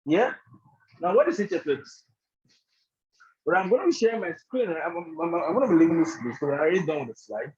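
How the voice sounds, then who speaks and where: A man's voice: on the high side, animated, brisk, long pauses, darkish tone, breathy edge, muffled recording. A man teaching a live online trading bootcamp on a group call. He keeps checking in with his listeners, asking "do you understand?" and "right?", and he often says "actually". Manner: leans heavily on "actually" and "all of that". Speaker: trading instructor.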